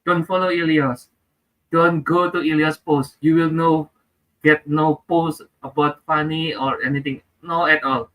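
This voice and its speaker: A man who is a comedy guest, telling self-deprecating stories in an animated way. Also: a little high, unhurried, highs cut off. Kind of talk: comic storytelling.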